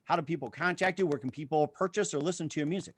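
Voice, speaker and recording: Quick upbeat male show host. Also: a little high, background noise. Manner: quick, upbeat, rehearsed-sounding. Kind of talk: interview hosting.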